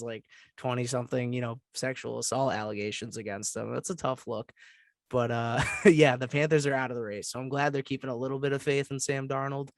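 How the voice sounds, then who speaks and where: A man's voice: mid-range voice, no echo, studio quality. A young man co-hosting a sports podcast, talking casually and restarting his sentences as he goes. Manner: chatty, trails off and restarts. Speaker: podcast co-host.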